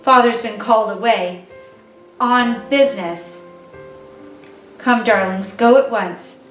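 A woman voicing a gentle, worried mother in a read-aloud storybook, soft and tender. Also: on the high side, slow. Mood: soothing. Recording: echoey room, distant mic, faint music.

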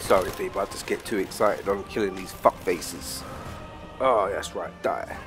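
A British man giving crude, excitable let's play commentary while trash-talking enemies in a war game. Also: deep voice, normal speed. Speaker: gamer. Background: game music and gunfire.

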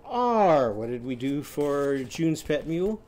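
A man teaching a phonics lesson, telling short stories and quizzing the class with loud, drawn-out vowel sounds. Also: medium pitch. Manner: animated, loud drawn-out vowel shouts and quiz prompts.

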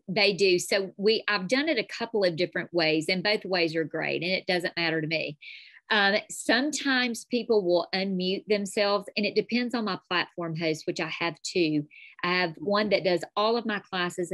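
A woman with a thick North Alabama accent chats as a podcast guest. She tells her stories with animated energy. The recording is close and dry, with no room sound. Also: fairly low pitch, moderate pace, no room sound. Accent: North Alabama Southern. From North Alabama, USA. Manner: chatty, animated storytelling. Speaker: calligraphy teacher, guest. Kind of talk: casual interview chat.

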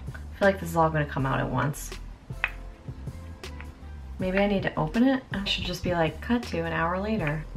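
A young woman chatting casually as a beauty vlogger, bubbly and quick to exclaim. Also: fairly low pitch, vocal fry, music in the background. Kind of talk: casual chat.

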